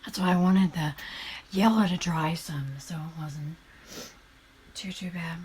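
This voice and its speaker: A woman streaming as she paints shoes, chatting casually and thanking viewers in a soft, often half-whispered voice. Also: lowish voice, steady tone, unhurried, a little hiss or hum. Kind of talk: casual live-stream chat while painting.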